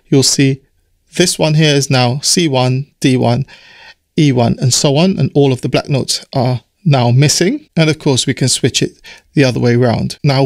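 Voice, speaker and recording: A man with a croaky voice, explaining music production software step by step in a relaxed tutorial. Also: mid-range voice, dry recording, studio quality. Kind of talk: screen-recorded software tutorial. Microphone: studio mic through audio interface.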